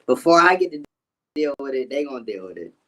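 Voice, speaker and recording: A man with a mid-range voice co-hosts a live chat show, talking in a loose, unhurried way. He restarts his sentences often and uses easygoing grammar. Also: mid-range voice. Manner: relaxed and halting, with loose casual grammar. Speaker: co-host. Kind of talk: casual chat.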